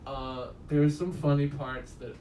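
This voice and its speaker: A man's voice: a little high, little pitch movement, unhurried, mellow, distant mic. A man giving a casual spoken movie review, rambling and swearing often and laughing at his own stories. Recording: roomy echo, voice a bit off-mic, faint room noise.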